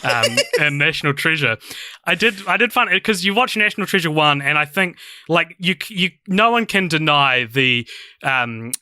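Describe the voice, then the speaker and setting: A young man co-hosting a podcast, loose and joking, with many fillers. His voice has a sharp, very bright edge. The sound is dry and close to the mic. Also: on the high side, lively intonation, moderate pace, no echo. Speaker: podcast co-host. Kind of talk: casual chat.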